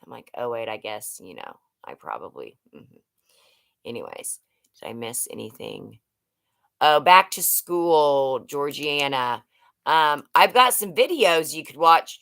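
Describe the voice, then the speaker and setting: Woman livestream host, middle-aged, low and unhurried, chatty and rambling, answers viewer comments. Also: animated, a bit bright. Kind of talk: casual live chat with viewers.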